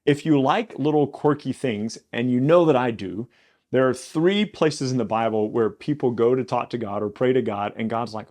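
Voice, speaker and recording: A man's voice: medium pitch, moderate pace, a little mellow. A man teaching the Bible on a casual podcast. He talks conversationally and often corrects himself mid-sentence.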